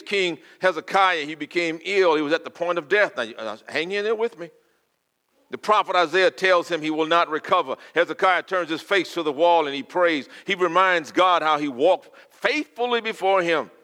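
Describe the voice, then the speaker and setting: An older man preaching a sermon, swinging from loud, fervent declaiming to quiet, intimate asides. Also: fairly high pitch.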